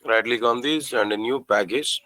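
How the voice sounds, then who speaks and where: Man teaching code, slow and repetitive. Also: medium pitch, pushed and bright, no echo, poor audio. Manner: repetitive, asks the class questions, spells out code slowly. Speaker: programming teacher. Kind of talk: live coding lesson.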